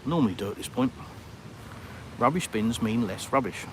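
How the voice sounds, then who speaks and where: Against background noise on a town street with traffic, a British vlogger chats live with viewers as he walks. His British English is medium-pitched with lively intonation at a normal speed, and his manner is rambling and self-deprecating.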